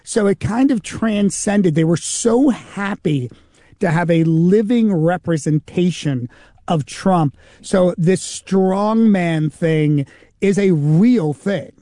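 A man's voice: sits high, takes it slowly, dry recording, studio quality. A man, a comedian and impersonator, telling anecdotes in an interview and acting out the people he quotes. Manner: animated anecdotal storytelling, acts out quoted voices. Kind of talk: interview storytelling.

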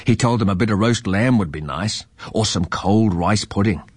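A man reading a children's story aloud in a lively, expressive way. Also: lowish voice, normal speed, slightly rough, no echo.

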